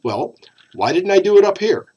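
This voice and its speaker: A man teaching a recorded Spanish grammar lesson, explaining patiently and drawing out key words slowly. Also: sits high, big pitch swings, warm tone, breathy edge, lo-fi sound.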